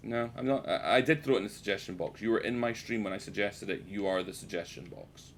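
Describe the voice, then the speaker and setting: A British man with a lowish voice rambles through casual gameplay commentary, tossing out jokes and swearing freely at his viewers. A faint rumble sits under his desk mic. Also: quick pace. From United Kingdom. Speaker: streamer.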